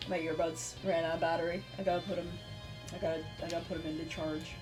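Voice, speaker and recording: A woman streamer in casual chat, animated and swearing freely with many fillers. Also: on the low side, fast, soft background music.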